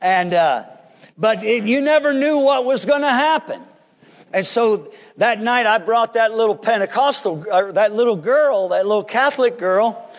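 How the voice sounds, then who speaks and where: A pastor telling a story in a sermon, animated, often chuckling. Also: male voice, high voice, normal speed. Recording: long hall reverb.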